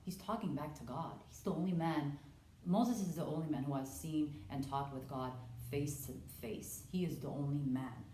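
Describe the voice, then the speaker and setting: A woman's voice: sits low, normal speed, warm tone, reverberant, slight background noise. A woman giving a casual Bible study talk, earnestly explaining scripture and acting out the dialogue as she goes. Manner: earnest, conversational, stumbles and restarts, acts out dialogue. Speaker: Bible teacher.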